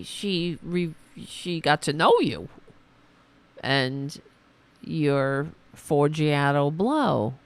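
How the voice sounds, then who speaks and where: A woman hosting a political commentary podcast, ranting sarcastically and mocking opponents in high put-on voices. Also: vocal fry.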